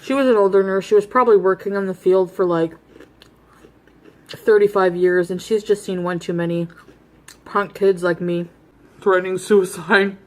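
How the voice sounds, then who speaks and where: A woman in her thirties tells a long personal story straight to camera in a casual, rambling way. She is blunt and laughs at herself, talking between bites of food. Her voice sits at a middle pitch. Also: steady tone, moderate pace, pauses often. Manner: eating while talking. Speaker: vlogger.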